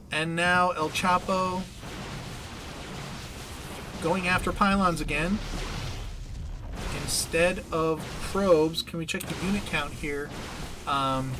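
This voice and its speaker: A man giving casual play-by-play commentary on a strategy game, often pleading with the players. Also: fairly high pitch. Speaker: game caster.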